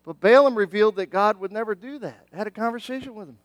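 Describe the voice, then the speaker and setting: A middle-aged man preaching a sermon as pastor, animated and conversational, often restarting his sentences. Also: sits high, fast, no room sound.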